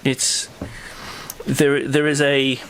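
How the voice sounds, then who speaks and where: Flat-voiced rambling male podcast host. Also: mid-range voice, very slow, a little hiss or hum. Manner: rambling, many fillers and restarts. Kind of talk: casual chat.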